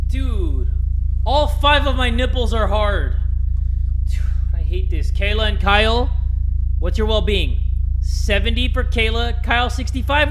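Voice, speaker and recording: A young man giving jumpy, joking commentary while playing a horror game at home, with loud outbursts. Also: high-pitched, animated, measured pace, soft background music, low-quality recording. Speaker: gaming YouTuber.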